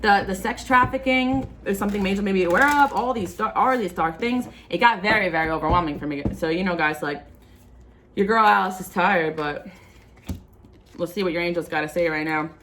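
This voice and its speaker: A woman's voice: on the low side, fairly quick, fairly bright tone, a little hiss or hum. A woman giving a tarot reading as a casual, impassioned, rambling monologue to her viewers. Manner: impassioned, rambling, frequent fillers. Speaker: spiritual tarot reader.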